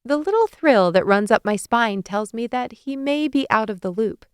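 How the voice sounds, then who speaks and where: Crisp, dry-voiced woman narrating an audiobook. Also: fairly high pitch, lively intonation, normal speed, no room sound. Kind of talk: first-person audiobook narration.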